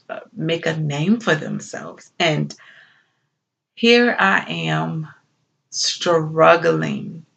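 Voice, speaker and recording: A woman performing a dramatic biblical monologue as a grieving young wife and mother who talks slowly, softly and tearfully. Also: deep voice, gravelly, exaggerated voice. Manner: slow, soft-spoken, tearful. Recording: dull lo-fi recording.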